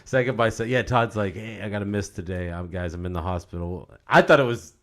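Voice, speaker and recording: A man's voice: lowish voice, quick pace. A man co-hosting a podcast, laid-back and joking, laughing often. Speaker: podcast co-host. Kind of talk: casual chat.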